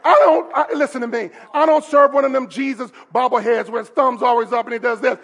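A male pastor delivers an emphatic sermon, swinging from hushed asides to shouted call-and-response. His voice sits very high for a man. A faint congregation murmurs behind him in the church. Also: fairly even intonation, a little fast, hardly any pauses, some chatter behind, a little hiss or hum. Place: church service.

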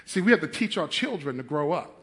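Middle-aged pastor guy preaching, high bright voice, acts stuff out, laughs a lot. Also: quick pace. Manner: animated, acts out scenes in changing voices, laughs often. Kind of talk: sermon.

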